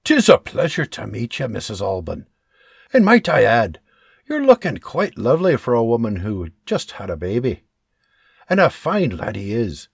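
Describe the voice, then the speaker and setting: A man voicing a folksy, easygoing middle-aged frontiersman with a husky voice. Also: mid-range voice, wildly swooping pitch, moderate pace, no room sound, studio quality, full character voice. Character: middle-aged frontiersman, wandering hunter and trapper, jovial.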